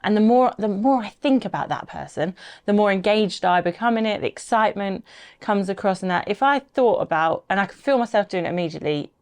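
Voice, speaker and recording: A woman co-hosting a podcast, talking through tips in a lively, animated, conversational way. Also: mid-range voice, brisk. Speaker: podcast co-host. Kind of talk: casual advice chat.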